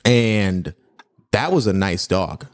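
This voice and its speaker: A man co-hosting a casual talk on dog training, energetic and quick to agree, voicing what the dog thinks. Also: low-pitched. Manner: energetic, agreeable, voices the dog's thoughts. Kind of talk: casual podcast chat.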